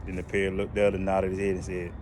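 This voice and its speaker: A man casually telling a joke in a relaxed, colloquial way, recorded outdoors near traffic. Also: sits low, quick pace. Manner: relaxed, colloquial, lively delivery. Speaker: joke teller. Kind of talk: casual storytelling.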